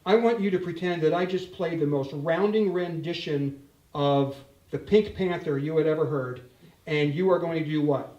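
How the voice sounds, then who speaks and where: An older man giving a joking, animated guitar demonstration talk, speaking directly to a live audience. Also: a little high, normal speed, highs cut off. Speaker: guitar clinician. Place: store event room with audience. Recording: roomy, distant mic.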